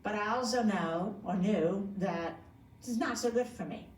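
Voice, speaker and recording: A woman's voice: mid-range voice, normal speed. A woman yoga teacher giving a conversational talk to a group, often asking them questions. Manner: conversational, asks the audience questions. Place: community room. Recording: echoey room from a distant mic.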